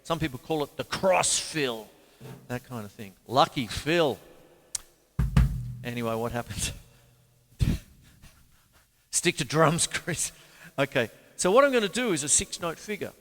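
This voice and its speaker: A man's voice: mid-range voice, sing-song, moderate pace, slight background noise. Chatty Australian man teaching drums. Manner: chatty, rambling, counts beats aloud. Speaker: drum teacher. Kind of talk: casual drum lesson with playing. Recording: long reverb, loud drum kit behind. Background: drum kit playing.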